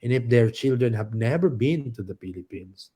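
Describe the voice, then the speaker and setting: A man who teaches martial arts, joking and animated in a casual podcast chat, often adding a tag question. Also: medium pitch, normal speed, husky. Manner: animated and joking, frequent "okay?" tags. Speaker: guest martial arts instructor.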